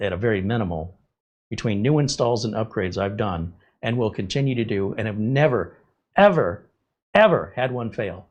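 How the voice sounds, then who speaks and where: A middle-aged man hosting a casual live stream, telling stories in an animated way and laughing often. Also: fairly low pitch. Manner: animated storytelling, frequent laughter. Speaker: host.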